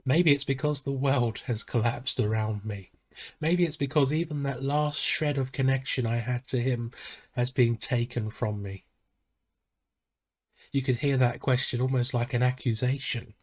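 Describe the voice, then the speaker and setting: A man preaching a sermon as a pastor, measured and solemn, pausing softly between phrases. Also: medium pitch, steady tone. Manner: slow, measured and solemn, with soft pauses.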